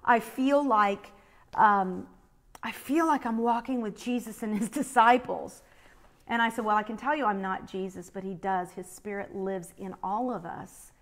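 A woman's voice: mid-range voice, unhurried. A middle-aged woman telling a personal faith story, quoting others as she goes. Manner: animated, quotes others in her own voice. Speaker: speaker sharing a faith story.

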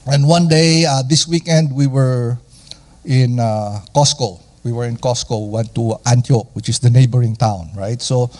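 A Filipino man with a Filipino accent preaches a lively, conversational sermon, posing questions to the audience. His voice is medium-pitched and his pace unhurried.

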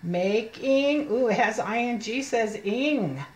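A woman reading teacher leading an early reading lesson for young children, slowly sounding out letters and words and encouraging her listeners. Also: a little high, lively intonation, reverberant. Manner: encouraging, speaking to children as if they were present.

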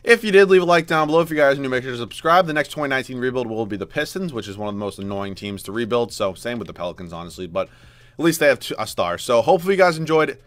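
A man commentating his own basketball video game from a dry home setup. His voice jumps from low mutters to loud outbursts as plays go wrong, and he swears and groans at the screen. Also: animated, racing, dry recording. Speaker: gaming YouTuber. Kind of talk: live gameplay commentary.

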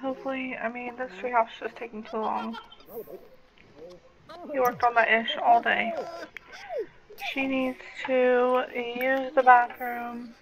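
A woman's voice: fairly high pitch, level tone, takes it slowly, pauses often, a bit bright, dull audio. A woman giving casual gameplay commentary, chatting to her game characters and slipping into baby talk. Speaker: game streamer.

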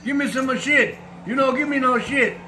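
An older man voicing a rude, hungry immigrant man in a joke, with loud, blunt demands. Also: very high-pitched, moderate pace, a little hiss or hum, voice pushed up, poor audio. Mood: demanding.

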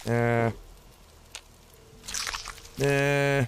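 A man's voice: a little high, expressive, measured pace, long pauses, slight background noise. A man giving casual, rambling commentary on his own gameplay, chatting aloud to the enemies he fights. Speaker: gaming host.

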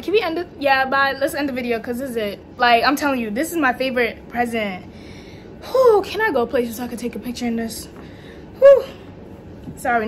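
Excitable high-voiced young woman vlogger. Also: slight background noise. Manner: excitable, gushing, slangy. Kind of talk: casual haul vlog chat. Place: home room at night.

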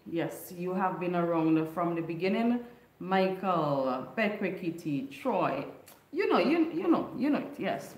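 Woman, livestream host, unhurried chatty delivery, echoey room. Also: medium pitch. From Caribbean island. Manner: chatty, greets viewers by name, laughs often. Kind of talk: casual livestream chat.

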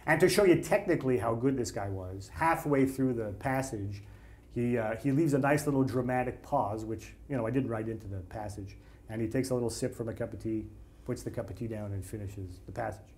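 Man telling animated anecdotes. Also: medium pitch, a little fast. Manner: animated anecdotes with acted-out quotes. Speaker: screenwriter guest. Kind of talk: casual storytelling.

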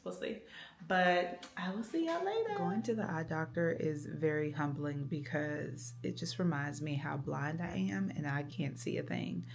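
A woman's voice: low-pitched, lively intonation, normal speed, creaky, slight background noise. A woman, chatting casually to viewers in a vlog with lots of fillers and "y'all". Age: 30s. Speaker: vlogger.

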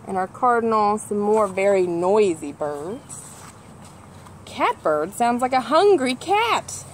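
A woman reads a children's picture book aloud, her voice a touch high and swinging widely in pitch. She makes bird calls and points out the pictures, with faint noise in the background. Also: big pitch swings, unhurried, darkish tone. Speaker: nature center educator reading aloud.

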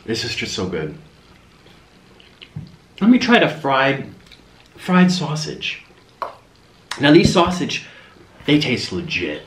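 A man's voice: mid-range voice, huge pitch swings, slow pace, long pauses, a bit bright. A young man hosting an eating show, chatting casually and rambling between bites at home. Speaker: mukbang host. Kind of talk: casual chat while eating on camera. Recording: roomy echo.

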